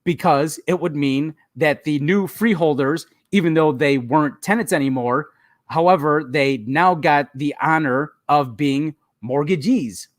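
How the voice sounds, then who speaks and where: A man co-hosting a casual history podcast, relaxed and chatty, laughing often and pausing with ums. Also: fairly high pitch, no room sound, clean studio sound. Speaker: podcast co-host.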